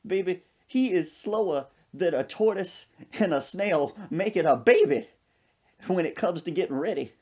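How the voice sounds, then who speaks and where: A man's voice: sits high, expressive, normal speed, darkish tone. A man voicing an old grandmother who keeps laughing and begs him to stop, in a breathless, pleading way. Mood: teasing. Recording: dull lo-fi sound.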